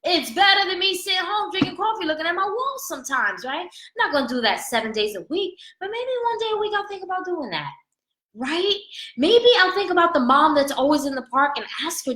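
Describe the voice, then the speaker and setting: A woman life coach giving an animated motivational talk, asking "right?" often and laughing between points. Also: very high voice, reverberant, rough recording.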